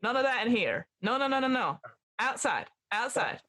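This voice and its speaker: A man's voice: very high-pitched, sing-song, normal speed, pushed and bright, heavily acted. A woman voicing a hunched, balding male librarian in a tabletop horror game, with a put-on American accent, sternly shooing people out. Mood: scolding.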